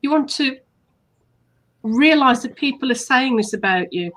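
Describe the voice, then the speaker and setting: A woman's voice: sits high, expressive, measured pace, fairly bright tone. Woman coaching through affirmation steps. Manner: explains steps patiently, acting out sample compliments. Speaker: hypnotherapist co-host. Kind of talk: casual coaching chat.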